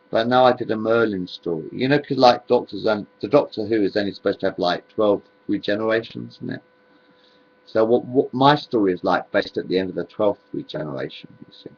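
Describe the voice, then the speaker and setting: A man's voice: lowish voice, vocal fry, slightly rough, dull audio. A man, rambling on in a home video monologue, repeating himself and drifting between topics.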